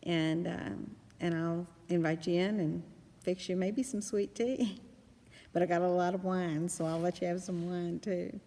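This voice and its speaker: A woman's voice: lowish voice, fairly even intonation, measured pace, mellow. A middle-aged woman, rambling through a casual reflective monologue with many restarts and fillers. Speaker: blogger and podcast host. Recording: long reverb.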